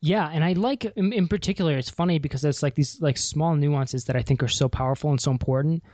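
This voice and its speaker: A man's voice: on the high side, quick pace, darkish tone, dry recording. A man hosting a podcast interview, talking in a rambling way with many fillers and restarts. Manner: self-described introvert. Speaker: podcast host. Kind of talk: conversational interview.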